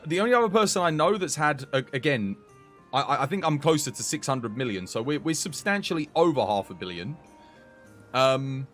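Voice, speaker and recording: A young man streaming a game, chatting excitably with his viewers. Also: medium pitch. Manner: chatty, excitable, talks to chat. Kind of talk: casual live-stream chat.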